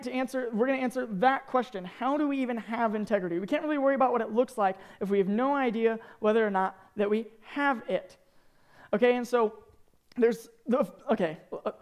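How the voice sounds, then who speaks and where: A young man in his twenties from Arkansas, giving a joking, animated talk to students as a youth speaker. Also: very high voice, smooth. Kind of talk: sermon to students.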